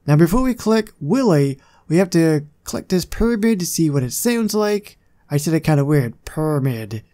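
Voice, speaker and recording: Man, gaming channel host, casual gameplay commentary, chatty, self-deprecating, slightly high, mellow. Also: expressive, moderate pace.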